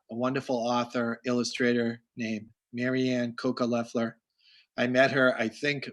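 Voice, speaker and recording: A host from Massachusetts runs a casual video call, spinning rambling stories for kids and restarting often. His voice is medium in pitch and fairly bright.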